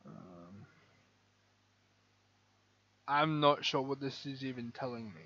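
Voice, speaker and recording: A man's voice: medium pitch, expressive, slow pace, bright, forceful tone, highs cut off, a little hiss or hum. A young man streaming live, thinking aloud as he plays and muttering words to himself as he reads them. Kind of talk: thinking aloud while playing a live game.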